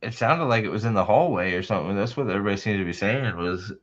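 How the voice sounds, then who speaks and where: A man's voice: fairly low pitch, animated, fast. Rambling, profane male streamer, lo-fi sound. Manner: rambling, heavy swearing, frequent restarts. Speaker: livestream host. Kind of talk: casual livestream chat.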